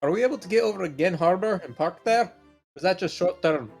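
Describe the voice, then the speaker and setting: A man's voice: sits high, animated, quick pace, creaky, a little mellow, husky, voice pushed up, heavily acted. A man playing a sailor character with a thick put-on Scottish brogue, asking questions in a friendly, curious way. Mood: inquisitive. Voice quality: thick, hard-to-follow brogue. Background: faint music.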